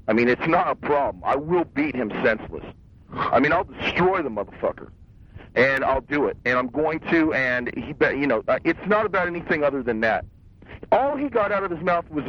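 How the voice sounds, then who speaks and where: A young man telling an angry, profane story in a casual, rambling rant about getting even. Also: mid-range voice. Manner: profane, hotheaded, boastful, rambling. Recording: dull lo-fi radio sound.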